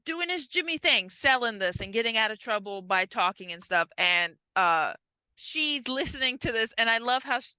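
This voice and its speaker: A woman's voice: lively intonation, moderate pace, bright, forceful tone, clean tone, no echo, poor audio. A woman co-hosting a podcast, casually retelling a film's scenes and acting out the characters. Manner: acts out characters, drops low for men. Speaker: podcast co-host. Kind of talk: casual chat recapping a film.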